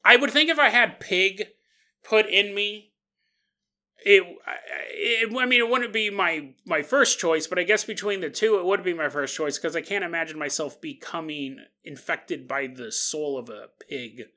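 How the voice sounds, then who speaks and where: A man's voice: high voice, moderate pace, bright, forceful tone. A man hosting a podcast, rambling through a comedic monologue and slipping into silly voices. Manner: rambling, jokey, slips into silly put-on voices. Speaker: podcast host.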